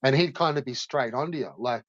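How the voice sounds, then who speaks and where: A man's voice: mid-range voice, brisk, dry recording. Sweary man telling a story. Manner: swears a lot, heavy use of "like", animated retelling. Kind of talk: casual storytelling chat. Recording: dull lo-fi dry recording.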